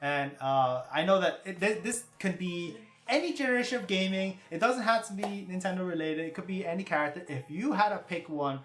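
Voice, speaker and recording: A man's voice: sits high, fairly quick, fairly bright tone. A man hosting a casual livestream, reading viewer comments aloud, thanking viewers by name and laughing often. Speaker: livestream host. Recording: roomy with stream music behind.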